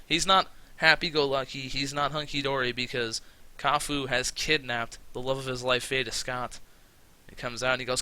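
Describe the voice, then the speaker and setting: A man narrating a game in casual let's-play style. His voice is very bright and forward. He talks in an excitable, profane way. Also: medium pitch, poor audio. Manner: excitable and profane, with frequent fillers. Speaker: game commentator.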